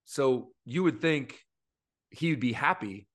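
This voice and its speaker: A youth baseball coach talks in a heartfelt, earnest way, his feelings close to the surface. His voice sits at an ordinary middle pitch for a man, and his sentences run on with fillers and restarts. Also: measured pace, a bit bright. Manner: earnest and openly emotional, many fillers. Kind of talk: casual podcast chat.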